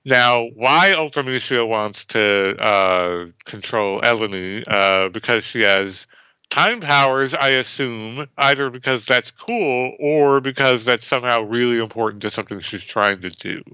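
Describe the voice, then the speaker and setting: A man's voice: mid-range voice, measured pace, sharp tone, clear, resonant tone, no echo. A man co-hosting a podcast, recapping in a rambling, hesitant way and casually swearing. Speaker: podcast co-host, new player. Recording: dull lo-fi sound, faint music.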